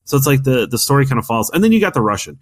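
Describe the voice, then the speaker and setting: Very animated and very fast, this gaming podcast co-host rambles, keeps restarting his sentences, and firmly argues his opinionated views. His voice is mid-range.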